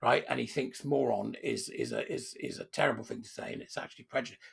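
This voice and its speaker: Man, gravelly husky voice, indignant sarcastic rant, fairly high pitch. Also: wildly swooping pitch, quick pace. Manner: indignant and sarcastic, rhetorical questions. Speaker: political commentary host. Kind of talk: ranting solo commentary.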